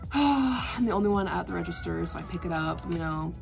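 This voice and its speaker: A young woman vlogger telling a work story in casual chat, animated and exasperated, with lots of filler words and sighs. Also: fairly low pitch, normal speed, vocal fry, music in the background. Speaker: art vlogger.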